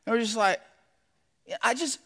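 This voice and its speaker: A man who is a pastor, telling a personal story in a sermon, animated and acting out his own shouts. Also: very high voice, moderate pace. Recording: long hall reverb.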